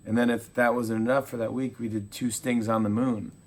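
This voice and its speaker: A man in his forties, a talk show host, telling animated stories in a casual interview and acting out quotes. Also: medium pitch, fairly quick. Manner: animated storyteller, acts out quotes.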